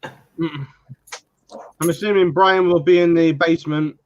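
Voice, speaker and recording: A man's voice: a little high, fairly even intonation, a little slow. Man on dull noisy audio. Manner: brief reactions.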